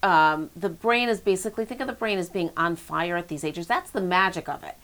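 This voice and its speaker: A woman's voice: fairly low pitch, fairly bright tone. A woman who runs a children's center, giving emphatic parenting advice in a conversational way. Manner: emphatic, explanatory, quick bursts. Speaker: child development expert, center director.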